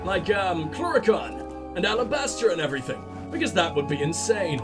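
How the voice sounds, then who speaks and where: A man's voice: high voice, expressive, moderate pace, music in the background. Sick, crude joking gamer man. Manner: crude, joking, heavy swearing. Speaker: let's play host. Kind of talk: gameplay commentary.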